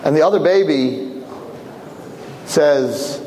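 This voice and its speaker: Animated storytelling rabbi, fairly high voice. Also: male voice, a little fast. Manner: animated, acts out voices, jokes with listeners. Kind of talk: storytelling sermon. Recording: long reverb, faint background noise.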